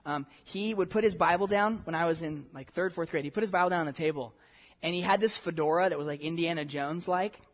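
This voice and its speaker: Preacher, male, high-pitched, emphatic, rhetorical, sermon delivery. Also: fast talker. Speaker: pastor.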